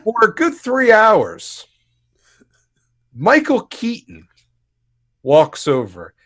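Man, podcast co-host, casual storytelling, lively pitch, swearing. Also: extremely slow. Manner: animated, acts out quotes, swears freely.

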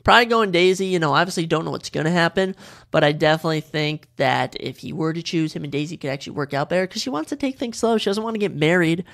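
A man's voice: on the high side, fast talker, creaky, a bit bright. A young man from Minnesota hosting a podcast, chatting casually and giving strong opinions, often repeating phrases for emphasis. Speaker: podcast host. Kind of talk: casual solo podcast chat.

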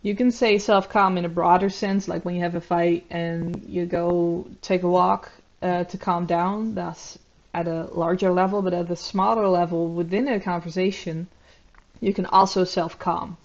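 Woman, commentator, measured and reflective, filler words, slightly muffled audio. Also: lowish voice, little pitch movement. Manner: measured, reflective, many ums and uhs. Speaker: YouTube commentator. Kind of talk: analytical commentary.

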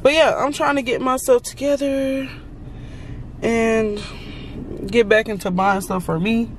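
A woman's voice: fairly high pitch, fairly even intonation, a little slow, a little hiss or hum. A woman vlogging casually about her day on a phone held at arm's length, chatty and rambling, often exasperated. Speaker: vlogger and lash technician. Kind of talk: casual selfie vlog.

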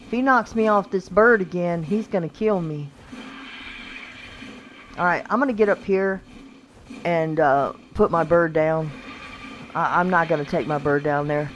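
Woman, gameplay commentary, unhurried delivery, easily startled, faint hiss under the voice. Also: fairly low pitch, muffled recording. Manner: excitable, exclaims a lot, talks to her pets in the game. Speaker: gameplay video creator. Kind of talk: casual let's-play commentary. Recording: faint background noise.

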